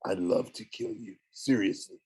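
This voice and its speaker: A man voicing a menacing, taunting male war god in an audiobook, sneering and low. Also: moderate pace, warm tone, slightly rough. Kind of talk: audiobook character voice.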